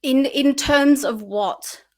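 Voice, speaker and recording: A woman's voice: high voice, slow pace, darkish tone. A woman guest chatting casually in an interview, full of fillers and restarts, acting out her own reactions.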